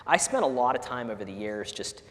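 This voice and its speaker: A man's voice: medium pitch, fairly quick. A middle-aged man, a startup founder, speaking candidly and with feeling to an audience, often restarting his sentences. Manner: earnest, animated, frequent restarts and fillers. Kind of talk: candid talk at a fireside chat. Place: large lecture hall with audience. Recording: echoey hall with faint ambience.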